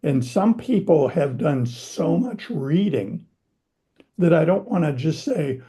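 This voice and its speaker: A man's voice: fairly high pitch, lively intonation, takes it slowly, mellow. A man hosting a conversation, weighing his points carefully and qualifying what he says. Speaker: channel host. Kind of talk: conversational interview.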